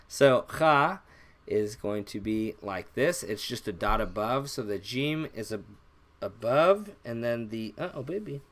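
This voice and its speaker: A young man teaching an alphabet lesson on a live stream, relaxed and rambling, with many fillers and self-corrections. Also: on the low side, slow pace. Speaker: language teacher.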